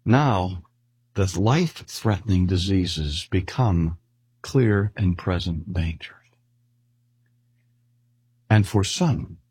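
An older man giving an earnest sermon and slowing down to stress key phrases. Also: lowish voice, a little mellow, slightly rough, no echo. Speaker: preacher.

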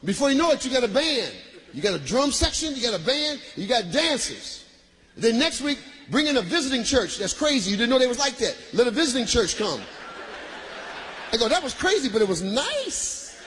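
High-voiced man shouting stand-up bits. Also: sing-song, brisk, a little hiss or hum. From Michigan. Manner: loud, shouting punchlines, laughing through bits. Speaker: stand-up comedian. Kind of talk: stand-up comedy.

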